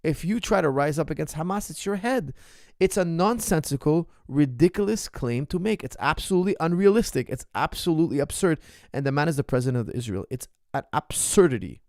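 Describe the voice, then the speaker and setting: A man's voice: fairly high pitch, expressive, brisk, dry recording, clean studio sound. Emphatic man in an impassioned monologue. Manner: emphatic, repetitive, rising to forceful outbursts. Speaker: martial arts coach hosting a Q&A.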